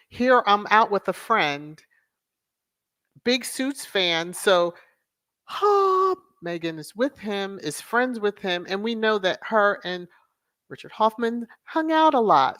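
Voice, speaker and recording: A woman's voice: medium pitch, fairly bright tone, no echo. A woman hosting a livestream commentary show. She talks emphatically and repeats words for sarcastic stress. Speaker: host of a royal news commentary channel.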